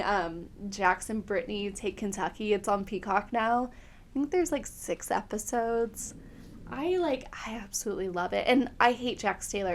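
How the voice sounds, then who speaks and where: A woman's voice: a little high, vocal fry, slight background noise. A woman hosting a podcast, recapping TV in casual, opinionated chat full of fillers. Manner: chatty, filler-heavy, opinionated. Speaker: podcast host.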